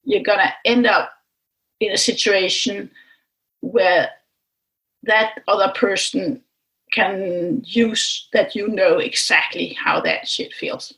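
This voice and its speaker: A woman who is a mother, a guest on a podcast interview, speaking reflectively with frequent pauses and restarts. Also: medium pitch, fairly even intonation, a bit bright, low-quality recording. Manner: reflective, halting, with many restarts. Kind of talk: conversational interview.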